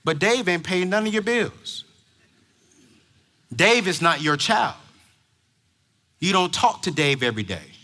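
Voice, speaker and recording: High bright-voiced preaching man. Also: lively intonation, measured pace, long pauses. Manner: preachy, emphatic, shouts at peaks. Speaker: motivational speaker. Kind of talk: energetic stage talk to parents. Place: large conference hall before a crowd.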